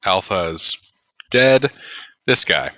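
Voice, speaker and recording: A man running a tabletop game as game master, casual and quick to correct himself. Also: lowish voice, very animated, pushed and bright, no echo, studio quality. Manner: casual, swears, apologizes for rule slips.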